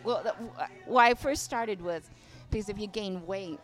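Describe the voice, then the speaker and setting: Older woman, lively storyteller, swears freely, faint music behind. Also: mid-range voice, normal speed. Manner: animated storyteller, swears freely, acts out voices. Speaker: interview guest, veteran dancer. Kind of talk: casual storytelling interview. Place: inside a bar venue.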